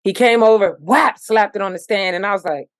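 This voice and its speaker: A woman from Virginia, a musician guest on an interview, telling stories with lively sung-out rhythms and sound effects. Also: mid-range voice, brisk, no room sound. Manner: animated storytelling, sings out rhythms and sound effects. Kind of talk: casual interview.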